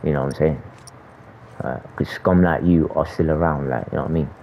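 A young Londoner with a London accent trash-talks aggressively over game voice chat, swearing and repeating "you know what I'm saying." His voice is extremely low with vocal fry and a little fast, on a lo-fi recording with some hiss or hum.

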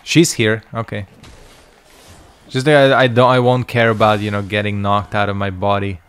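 Lowish voiced dude talking to himself while gaming, swears a lot, casual stream chatter. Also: male voice, little pitch movement, moderate pace, clear, resonant tone. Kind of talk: casual gameplay commentary.

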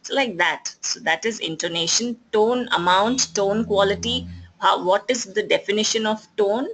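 A communication skills trainer with an Indian English accent, lecturing at an even pace and often pausing on fillers and restarts. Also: medium pitch, poor audio. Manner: explanatory, with frequent fillers and restarts.

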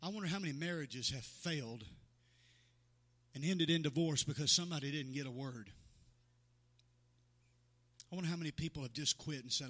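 A man's voice: fairly high pitch, normal speed, pauses often, fairly bright tone, long reverb tail. A male pastor preaching a sermon to his congregation. He builds in fervor, acts out the voices of the people in his stories and calls to members by name. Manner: preaching with rising fervor, acting out quoted voices. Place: church sanctuary.

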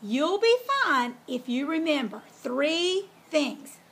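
A woman's voice: high-pitched, animated, slow pace, vocal fry, a bit bright, exaggerated voice. A woman doing a firm motherly mama pig. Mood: instructing. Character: bossy caring mother pig.

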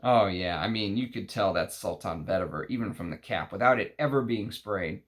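A man with a Texas accent hosting a casual perfume unboxing vlog, rambling and talking to the bottles. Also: fairly low pitch. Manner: slow, rambling, talks to the bottles. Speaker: perfume channel host.

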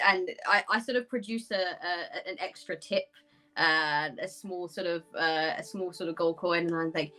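A woman's voice: lowish voice, normal speed, pushed and bright, soft background music, low-quality recording. A woman playing a tabletop game, speaking in character in a flustered way, with lots of fillers. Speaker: player. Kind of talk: in-character tabletop role-play.

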